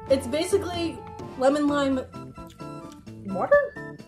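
A woman's voice: high-pitched, takes it slowly, over music. A woman hosting a casual taste-test show, chatty and giggly as she talks. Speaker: show host.

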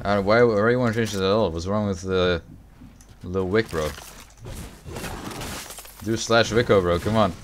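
A young man livestreaming a video game, chatting with viewers, swearing and reacting loudly to the game. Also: low-pitched, steady tone, a little fast, background noise. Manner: profane, reacts loudly to the game, answers chat. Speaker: streamer. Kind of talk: casual gaming livestream chat.

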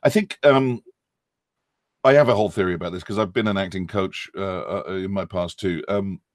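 British man, low voice, lively storytelling. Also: normal speed, no room sound, clean studio sound. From England. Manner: animated, switches into playful accent demonstrations. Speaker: guest actor. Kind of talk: casual podcast interview.

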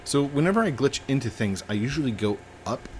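A man hosting a gaming video, playing along with jokey, excitable commentary and sudden exclamations. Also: mid-range voice, fairly quick, a little hiss or hum. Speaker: gaming channel host.

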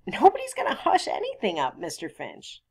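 A woman reading as a stolid quiet sheriff. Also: lowish voice, huge pitch swings, normal speed, slightly rough, full character voice. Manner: quiet and stubborn. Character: stolid, quiet small-town sheriff, adult man.

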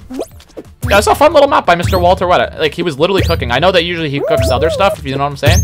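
A man streaming a platform game, talking casually in an excitable, boastful way with sudden yelps. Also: a little high. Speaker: livestreamer. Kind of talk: casual gaming commentary.

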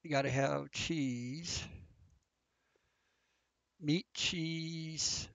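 A man's voice: fairly high pitch, fairly even intonation, very slow, vocal fry, fairly bright tone, no echo. Flustered man narrating his gameplay. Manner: chatty, flustered, thinking aloud. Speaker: gameplay commentator. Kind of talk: casual game commentary. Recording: dull, lo-fi, dry sound.

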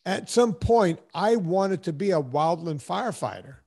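A man's voice: high-pitched, animated, a little slow, gravelly, darkish tone, husky. A man in his fifties hosting a podcast, telling stories in a rambling, casual way and acting out the voices of people he quotes. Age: 50s. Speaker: podcast host. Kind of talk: casual storytelling chat.

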